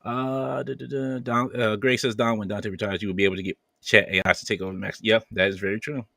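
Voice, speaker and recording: A man's voice: fairly low pitch, level tone, fast talker, gravelly, bright, forceful tone, no room sound, studio quality. A man hosting a podcast, casually reading viewer comments aloud with playful banter and frequent laughter. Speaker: podcast host.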